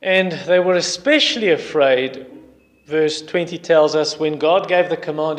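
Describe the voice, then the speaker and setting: A man's voice: fairly high pitch, measured pace. A male preacher delivering a sermon and retelling a story in an emphatic way. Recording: long hall reverb.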